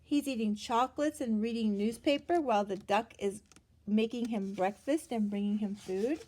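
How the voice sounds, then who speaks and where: A woman reading a picture book aloud to children, pausing to ask them gentle questions. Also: a little high. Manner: gentle, asks the listener questions, gasps for effect.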